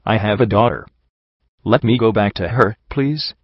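A man's voice: on the low side, normal speed, dry recording, dull audio. A man voicing a beaten, terrified unicorn mare who speaks shakily and pleads. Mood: pleading. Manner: shaky, pleading.

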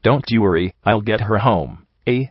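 A man reading a storybook voices a lanky, slow-witted colt who talks in a lazy drawl. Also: lowish voice, animated, husky, no room sound. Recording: dull lo-fi recording.

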